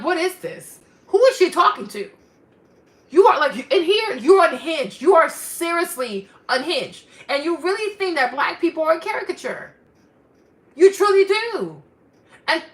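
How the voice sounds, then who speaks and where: A woman vlogger delivering a ranting commentary, animated and emphatic, repeating herself for effect. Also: high-pitched.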